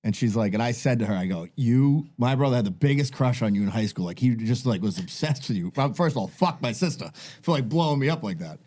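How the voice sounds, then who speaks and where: A man in his thirties co-hosting a podcast, telling a self-deprecating story in a rambling, casual way. He fills his talk with "like" and "you know" and speaks at an ordinary middle pitch. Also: lively intonation, fast, hardly any pauses, warm tone. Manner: rambling, self-deprecating anecdotes with many fillers. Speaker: podcast co-host. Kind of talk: casual chat.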